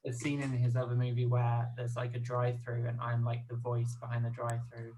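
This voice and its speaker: A man guesting on a podcast, chatting casually with dry, low-key humour. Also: monotone, a little fast. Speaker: guest filmmaker. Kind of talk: casual chat. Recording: clear background noise.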